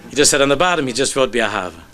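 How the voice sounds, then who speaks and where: Racing through his words, a rabbi recounts a story as part of a sermon; his animated telling drops at moments into soft, low tones.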